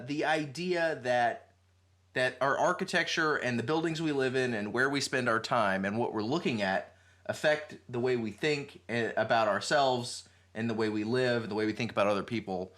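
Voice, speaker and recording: A man's voice: mid-range voice, normal speed, fairly bright tone. A man hosting a casual podcast chat, thinking aloud as he talks, with many restarts. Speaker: podcast host.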